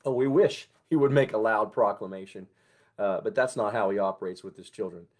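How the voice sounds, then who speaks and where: Gentle lower-voiced pastor giving a devotion. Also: male voice, brisk. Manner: gentle and conversational, with soft prayerful passages. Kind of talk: morning devotional sermon.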